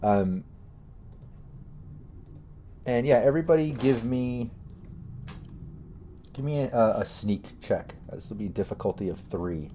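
A man narrating as game master of a tabletop game in a loose, halting way with many fillers. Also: medium pitch, expressive, mellow, slight background noise.

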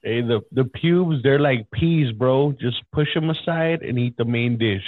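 A man's voice: medium pitch, a little slow, phone-quality sound. A young man co-hosting a podcast in laid-back casual chat, saying bro and dude. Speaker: podcast co-host.

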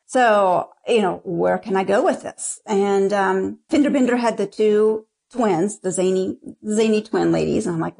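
A woman's voice: medium pitch, lively intonation, a little slow, creaky, a little mellow. Frank, rambling woman author. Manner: frank, rambling, with many restarts. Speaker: erotica author, guest. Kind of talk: casual interview talk.

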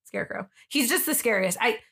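A woman's voice: on the high side, animated, a little fast, vocal fry, a bit bright, slightly rough. A young woman co-hosting a casual true-crime podcast, telling the story in a chatty way and acting out what people said. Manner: chatty storyteller, acts out quotes, lots of "like". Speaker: podcast co-host.

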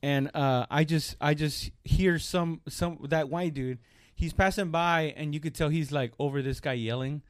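A man with a high, light voice tells a street story in loose, profane chat. He acts out the shouting people in it. The sound is close and dry. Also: moderate pace, hardly any pauses, clean tone, dry recording.

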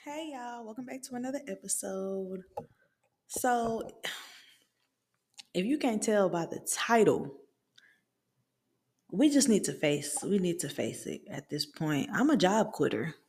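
A woman's voice: mid-range voice, lively intonation, unhurried, long pauses, a little mellow. Twenties woman hosting a podcast, casual and blunt, talks it out with fillers. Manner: candid, venting, conversational with fillers. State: hiccups. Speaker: podcast host. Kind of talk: casual chat.

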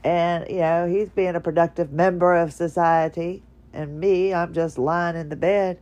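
A tired woman talks from her bedroom in a rambling, halting monologue full of restarts. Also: on the low side, fairly even intonation, a little mellow, lo-fi sound. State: tired, drowsy. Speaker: podcaster. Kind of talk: casual personal monologue.

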